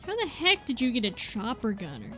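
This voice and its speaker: A woman giving excitable gameplay commentary, exclaiming and talking at enemies as she plays. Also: fairly high pitch, fairly quick. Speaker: gaming video creator. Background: game gunfire and music.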